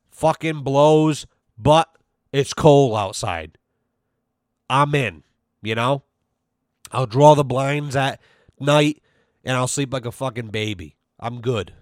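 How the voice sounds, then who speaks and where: A man's voice: mid-range voice, smooth, dry recording. Profane ranting podcast man, dry sound. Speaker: podcast host. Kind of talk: casual rant.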